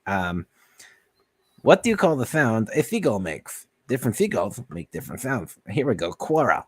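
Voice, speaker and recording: A man offers rambling advice in a casual stream chat, stopping often to hunt for words and reading bits of search results aloud. His voice sits a little low. The recording is dry, with no room sound. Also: very animated, moderate pace, breathy edge, no room sound. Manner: rambling, hesitant, full of fillers, reads search results aloud. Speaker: guest giving advice.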